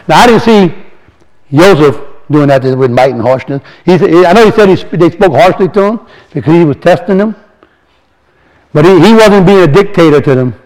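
A man giving an informal, earnest sermon to a congregation as a lay speaker, reading scripture slowly and putting questions to the listeners. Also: a little high, lively intonation, a little mellow, low-quality recording. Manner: earnest and exhorting, reads verses slowly, asks the audience questions.

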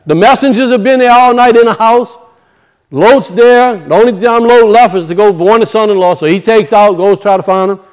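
High-voiced Cajun preacher. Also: male voice, normal speed, clear, resonant tone. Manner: emphatic, questions the congregation, folksy dialect grammar. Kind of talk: sermon.

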